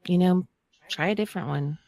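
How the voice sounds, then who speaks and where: A woman's voice: on the low side, fairly quick, gravelly, darkish tone, no room sound. A woman co-hosting a podcast, chatting casually and hedging her points. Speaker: podcast co-host. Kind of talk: casual chat.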